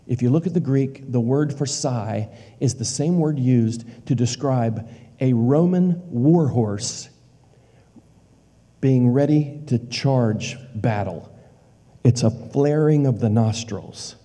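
Emphatic preacher man in a reverberant hall. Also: mid-range voice. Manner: emphatic, repeats lines for weight, drops to a hush for key words. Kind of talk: sermon.

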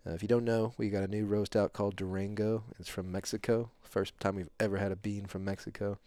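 A middle-aged man hosting a podcast, telling a long story in a rambling, animated way with lots of fillers. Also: fairly low pitch, fast talker, no echo. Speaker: podcast host. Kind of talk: casual storytelling chat.

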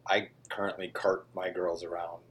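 A man in his forties co-hosting a podcast in casual chat, easygoing and quick to agree. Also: deep voice, flat delivery, fairly bright tone. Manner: easygoing, agrees a lot with short yeps. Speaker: podcast co-host.

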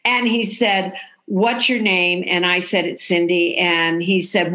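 Older woman telling a lively anecdote. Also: fairly low pitch, slow. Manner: animated, acts out the people she quotes. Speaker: guest telling a story. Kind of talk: casual storytelling.

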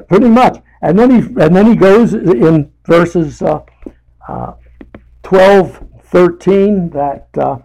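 A man teaching a casual Bible study in a slow, unhurried way, stopping often to restart a thought. His voice is gravelly, with a warm, darker tone. He leans on paraphrased scripture for emphasis. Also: high-pitched, low-quality recording.

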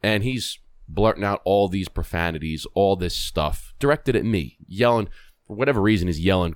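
A fast-talking man, telling a story on a podcast. His voice sits a little low, and he acts out the people in the story with lively bursts and frequent restarts. The mic sound is close and dry. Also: no echo. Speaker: podcast host. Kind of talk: storytelling in casual conversation.

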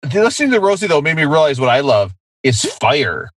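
A man's voice: fairly high pitch, fairly quick, a little hiss or hum. A middle-aged man hosting a podcast, chatting casually with lots of swearing and laughter. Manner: profane, animated, laughing. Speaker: podcast host. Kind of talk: casual chat.

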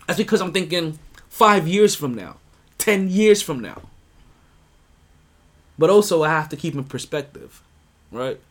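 A man hosting a sports podcast, talking in a loose, rambling way. His voice sits a bit high for a man. He trips over his own words, restarts often and breaks into laughs. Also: lively intonation, a little slow, long pauses. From United States. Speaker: podcast host. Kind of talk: casual sports talk.

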